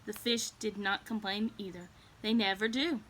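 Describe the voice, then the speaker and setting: A woman reading a children's storybook aloud in a gentle, unhurried way. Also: mid-range voice, fairly even intonation.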